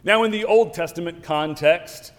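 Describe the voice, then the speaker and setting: A man giving a sermon as pastor, telling an animated story with wry asides. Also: a little high, normal speed. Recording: long church reverb.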